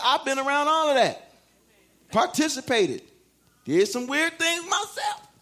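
Male preacher, very high voice with a bright, forceful edge; dramatic, goes from shouting to near-whispers. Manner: dramatic, swings from shouts to hushed tones, laughs often; acts out quoted voices. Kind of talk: sermon. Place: church.

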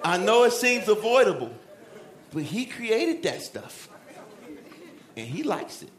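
High-voiced shouting preacher, echoey church. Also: male voice, measured pace, a faint crowd. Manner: animated, shouting and dropping to a hush, acts out Bible figures. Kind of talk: sermon.

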